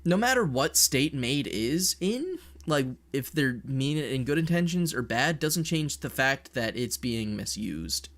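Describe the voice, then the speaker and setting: A man talking on a casual live stream, blunt and heated, swearing freely as he argues his opinion. His voice sits at an ordinary middle pitch for a man, and his delivery is plain and direct. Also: very animated, a little slow, few pauses, a bit bright. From Canada.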